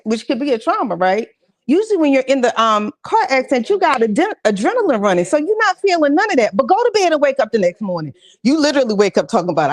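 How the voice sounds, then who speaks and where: Gravelly-voiced woman giving an encouraging talk. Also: a little high, a little mellow. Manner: conversational, encouraging, colloquial asides. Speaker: mental health speaker. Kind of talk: church talk session. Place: church gathering with audience responses.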